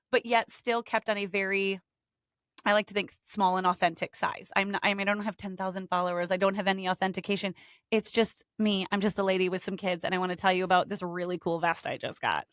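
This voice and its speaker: Fast-talking chatty woman. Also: medium pitch, no echo, studio quality. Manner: chatty, animated storyteller. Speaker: guest, hair stylist. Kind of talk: casual podcast chat.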